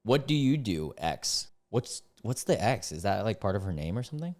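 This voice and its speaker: Animated man reacting in disbelief. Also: lowish voice, moderate pace. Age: 20s. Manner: incredulous, mocking, bursts into loud disbelief. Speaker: content creator reacting to screenshots. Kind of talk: casual reaction commentary, reading chats aloud.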